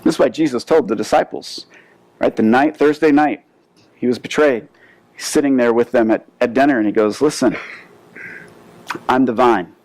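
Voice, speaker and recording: A male pastor preaching a sermon, telling a story with lively asides and frequent word restarts. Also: medium pitch, a little fast, no room sound, rough recording.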